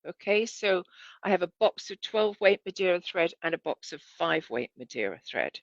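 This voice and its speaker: A lower-voiced woman teaches a sewing lesson in a relaxed, chatty way, often correcting herself and checking that viewers can see. The sound is dry and a little dull. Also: moderate pace, no echo. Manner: chatty, self-correcting, asks viewers to look. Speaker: sewing instructor. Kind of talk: casual demonstration lesson.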